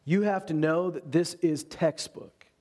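A man who is a pastor delivering an animated sermon, mixing humor with earnest exhortation. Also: a little high, a little slow. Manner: animated preaching with humor and acted-out voices.

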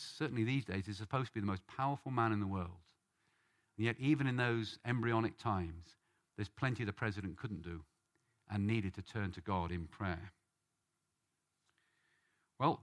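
With a mid-range, slightly bright voice, a British man earnestly teaches from the Bible in sermon fashion while guiding a study group. Questions and names bring a rise in his voice.

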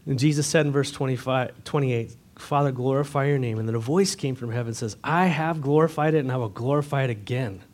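A man's voice: medium pitch, brisk, hardly any pauses, a little mellow. A man preaching a sermon to his church, earnest and direct, asking the congregation rhetorical questions. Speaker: pastor.

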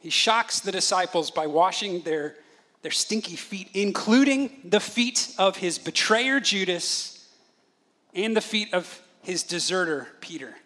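Bright-voiced, animated male pastor preaching. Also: high-pitched, a little slow. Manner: animated storytelling, acts out voices of his children. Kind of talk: sermon.

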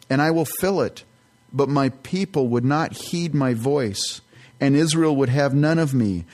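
A man's voice: medium pitch, darkish tone. A man teaching a sermon as a pastor, earnest and conversational, with casual asides between scripture readings.

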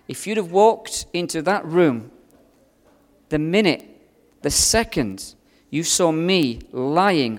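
A man preaching a sermon, telling a personal story with strong swings between loud and hushed delivery. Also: a little high, long reverb tail. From outside America.

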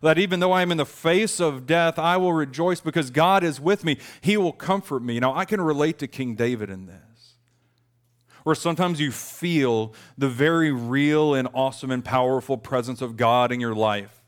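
A man's voice: on the high side, normal speed. A man in his thirties preaching a conversational, earnest sermon, lifting his voice when he quotes a lament. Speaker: pastor.

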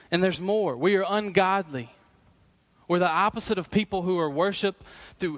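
A middle-aged pastor with a high voice preaches a sermon earnestly and emphatically. He slows down to repeat key phrases.

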